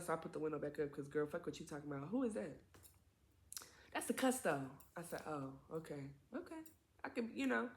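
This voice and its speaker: Young woman spilling a messy storytime, kinda low voice, cusses a lot, gets loud and high when she quotes ppl. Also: echoey room. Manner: animated, profane, acts out quotes in raised voices. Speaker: vlogger. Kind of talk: casual storytime.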